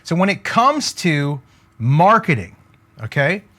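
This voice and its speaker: A man's voice: a little high, big pitch swings, takes it slowly, bright, forceful tone. A man teaching business as a motivational coach, talking emphatically, repeating catchphrases and often checking in with "okay?" while drawing on a board.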